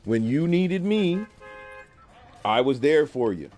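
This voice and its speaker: A man's voice: a little high, big pitch swings, slow, darkish tone, faint music behind, pitched above the performer's own voice. A man voicing a hungry, betrayed male frog in a spoken fable, talking in casual slang. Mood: firm. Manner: casual slang-filled pleading.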